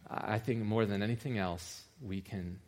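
A man preaching a sermon in a conversational way, rising in pitch and force for emphasis. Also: measured pace, darkish tone.

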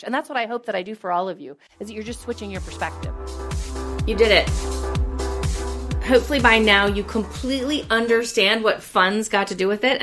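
A woman with a somewhat high voice gives a motivational talk as a host. She is energetic and emphatic, leaning on repeated phrases. Her tone stays casual and she swears lightly. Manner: casual, peppered with mild swearing. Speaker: podcast host and business leader.

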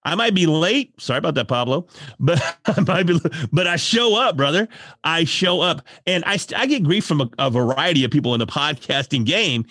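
A man telling a story in a casual podcast chat, animated and emotional, laughing often. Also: a little high, brisk, husky, dry recording. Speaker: podcast guest.

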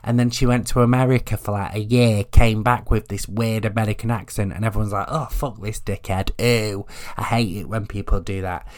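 A man's voice: lowish voice, steady tone, a little fast, hardly any pauses, darkish tone. A man hosting a podcast, talking in a chatty, jokey way and swearing freely. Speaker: podcast host. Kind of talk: casual solo podcast chat.

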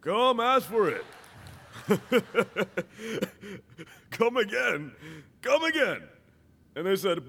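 Animated high-voiced male preacher in a hall. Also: extremely slow, gravelly, pauses often, slightly rough. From Dominican Republic. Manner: animated, acts out dialogue, shouts at peaks. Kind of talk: sermon.

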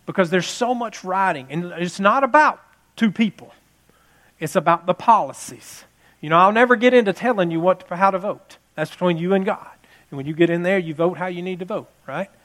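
High-voiced man preaching conversationally. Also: a little fast, a bit bright. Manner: conversational preaching, repeats phrases, rises to passionate emphasis. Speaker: pastor. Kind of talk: sermon with personal story.

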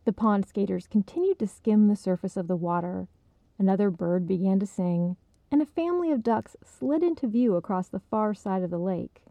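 A woman calmly narrating a short story as a storyteller. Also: mid-range voice, dry recording. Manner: calm, measured reading.

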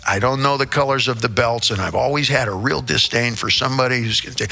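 A man's voice: mid-range voice, animated, brisk, creaky, sharp tone. A man in his sixties, a rock singer, telling stories in a casual interview with theatrical flair, playful wordplay and the odd swear word.

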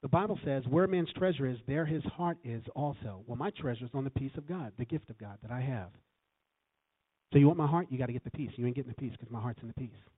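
A man speaking fast at medium pitch, his voice edged with breath, preaches as a guest in a church. His sermon is lively and full of calls for the congregation to respond, heard through tinny, phone-like audio.

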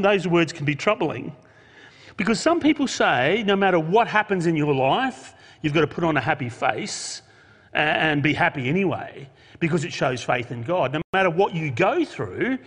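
Man, pastor, sermon, lively rising and falling voice, slightly high, echoing hall. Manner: earnest, rhetorical questions, animated emphasis. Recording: long hall reverb.

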